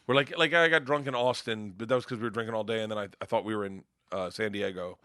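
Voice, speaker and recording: A middle-aged male comedian telling wild road stories in casual chat, profane and rowdy, loudly acting out the people in them. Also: on the low side, fast talker, smooth, no echo, clean studio sound. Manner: profane, rowdy storyteller who acts out voices loudly. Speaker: comedian guest.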